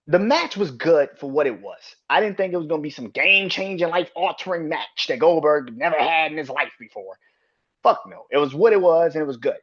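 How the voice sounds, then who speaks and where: A man hosting a solo wrestling podcast, talking in a profane, heated rant that swings from low mutters to sharp outbursts. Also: expressive, quick pace, dull audio. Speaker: podcast host.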